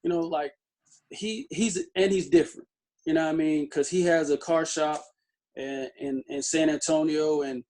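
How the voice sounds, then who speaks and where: Man telling loose stories, fairly high voice. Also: moderate pace, a little mellow. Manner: loose storytelling, many fillers and restarts. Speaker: interview guest. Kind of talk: casual interview chat.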